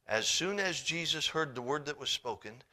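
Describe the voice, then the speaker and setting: Bright-toned, dynamic male preacher. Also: on the high side, animated, normal speed. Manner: swings between hushed and loud emphatic delivery; reads scripture in King James wording. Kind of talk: sermon.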